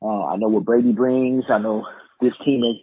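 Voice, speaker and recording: A man's voice: medium pitch, steady tone, moderate pace, breathy edge, no echo. A man leaving a voicemail for a podcast, earnest and confident, with some "um" fillers. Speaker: caller. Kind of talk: phoned-in voicemail. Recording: tinny phone line.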